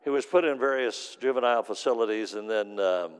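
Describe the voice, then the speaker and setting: A man's voice: mid-range voice, brisk, clear, resonant tone. A man ministering to a gathering, telling a story in an earnest sermon with repeated, emphatic phrases. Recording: long hall reverb.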